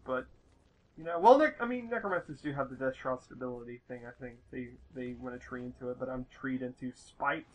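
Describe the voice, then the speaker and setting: A man's voice: medium pitch, pushed and bright, rough recording. A young man from the United States giving casual, rambling gameplay commentary with plenty of swearing and exasperation. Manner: rambling, profane, easily exasperated.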